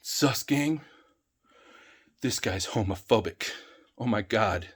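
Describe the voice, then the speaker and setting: A man's voice: lowish voice, expressive, slow, slightly rough, heavily acted. A man voicing a whiny, outraged online commenter in a mocking tone. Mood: mock outrage.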